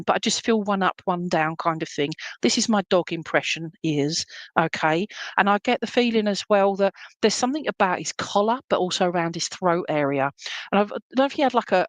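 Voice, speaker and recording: During a live psychic reading, a woman sounds reassuring and chatty, meandering with many fillers and often checking in with "okay?". Her voice is medium-pitched, with no room sound.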